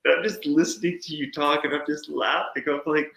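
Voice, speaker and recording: A man's voice: on the high side, fairly even intonation, fairly quick, gravelly, few pauses, fairly bright tone. Earnest man in an echoey room. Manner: earnest, reflective, acts out inner voices. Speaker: guest. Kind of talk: casual chat.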